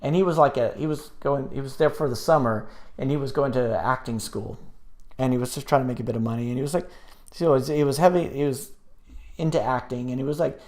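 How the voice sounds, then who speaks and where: A man's voice: mid-range voice, quick pace, a little mellow. A man hosting a live stream, chatting casually and reading viewer comments aloud, rambling with many fillers and restarts.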